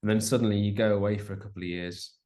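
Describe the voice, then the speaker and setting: A man's voice: lowish voice, fairly even intonation, racing, mellow. A young adult man, a musician guest chatting casually in an interview, rambling with many restarts and fillers.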